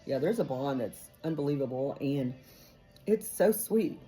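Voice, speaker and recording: A woman's voice: a bass voice, animated, measured pace, mellow, faint music behind, poor audio. A woman, a hairdresser chatting casually to camera in her salon, rambling with lots of fillers. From Texas. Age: 50s. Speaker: hairdresser vlogger. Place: hair salon.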